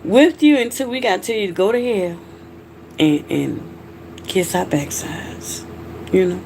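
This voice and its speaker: This livestream host, a middle-aged Georgia woman with a Southern accent, chats openly with her audience and responds to their comments. Her mid-range voice is unhurried, creaky and a bit mellow, with big pitch swings and slight background noise.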